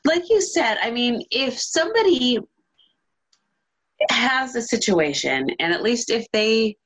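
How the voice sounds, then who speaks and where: A woman with a fairly low voice hosts an interview on a podcast, casual and enthusiastic, rambling and frequently restarting her sentences. The recording quality is low.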